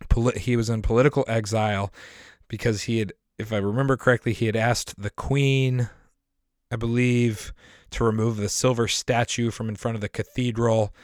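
A man hosts his podcast in a rambling, sincere monologue, his voice hoarse and rough from a lingering cough. He clears his throat now and then and restarts his sentences. The recording is close and dry, with no room sound. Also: medium pitch, little pitch movement, normal speed, dry recording. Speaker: podcast host.

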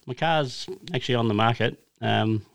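A man's voice: medium pitch, normal speed, creaky. Australian male racer, casual anecdotal storyteller, chatty and loose. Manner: rambling anecdotal storyteller, many fillers and restarts. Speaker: racing driver guest. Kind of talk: casual podcast chat.

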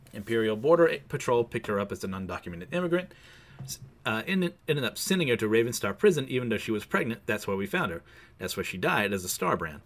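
Man casually recapping a comic. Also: on the low side. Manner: wry, chatty narration with asides. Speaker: comic book recap host.

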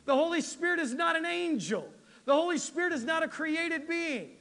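A high-pitched man preaches a sermon with a gravelly edge, animated and conversational as he checks in with his congregation. His voice rings with a long reverb in the church, a faint bed of music underneath. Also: normal speed. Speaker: pastor. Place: church sanctuary.

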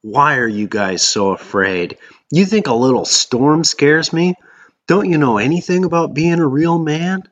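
A man's voice: a little high, animated, a little slow, muffled recording, pitched above the performer's own voice. A man voicing a furious, domineering man who screams orders and insults at his friends. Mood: scornful. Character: furious bossy man yelling in a storm.

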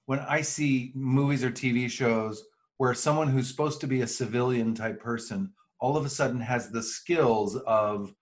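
A man co-hosting a rewatch podcast in easygoing conversation. His voice is a middle-pitched male voice. He muses reflectively and often restarts his sentences. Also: moderate pace. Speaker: podcast co-host. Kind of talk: casual chat.

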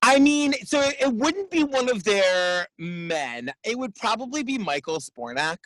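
High, lively, bright-voiced chatty man. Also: a little slow, no echo. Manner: animated, filler-heavy, laughs often. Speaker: podcast guest. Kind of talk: casual chat.

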